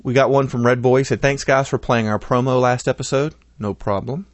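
A man's voice: mid-range voice, fairly even intonation, fairly quick, no echo. A man co-hosting a podcast, reading listener feedback in casual chat and joking often. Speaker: podcast co-host.

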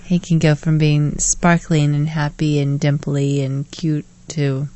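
A woman's voice: sits low, level tone, measured pace, warm tone. A woman co-hosting a podcast in a casual chat, talking playfully and telling stories about her child. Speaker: podcast co-host.

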